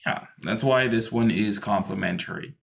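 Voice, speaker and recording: A man tutoring English over a video call, patient and a little halting as he explains. His voice sits fairly low and has a gravelly edge. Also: a bit bright. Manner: patient, explains with many ums and restarts. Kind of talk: online one-to-one English lesson.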